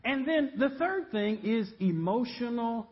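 A male pastor preaching a sermon, animated and humorous, building to shouts. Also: very high voice, unhurried, long reverb tail, muffled recording.

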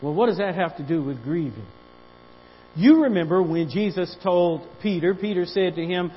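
Pastor, male, high voice, sermon delivery with repeated words and calls for amen; lo-fi sound. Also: normal speed.

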